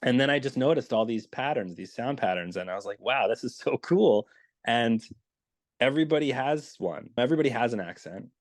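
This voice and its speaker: A man's voice: medium pitch, animated, fairly quick, no echo. A man talking as a dialect coach guest in a casual interview, explaining with enthusiasm.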